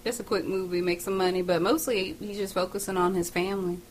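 A woman's voice: medium pitch, fairly even intonation, fast talker, a little hiss or hum. A woman co-hosting a casual chat show, laid-back and slangy, teasing her partner. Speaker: co-host. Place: studio.

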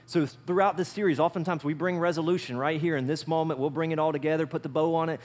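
Higher-voiced male pastor preaching. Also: fairly even intonation, fast. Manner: conversational, repeats phrases, swings between loud and soft. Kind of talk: sermon.

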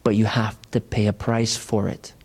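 A male pastor preaching a sermon in a lively, conversational storytelling manner in church. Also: fairly low pitch, normal speed, husky.

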